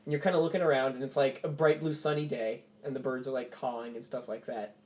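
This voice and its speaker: A man's voice: mid-range voice, fairly even intonation, fast, darkish tone, slight background noise. A man narrating as game master in a loose, rambling way with many fillers.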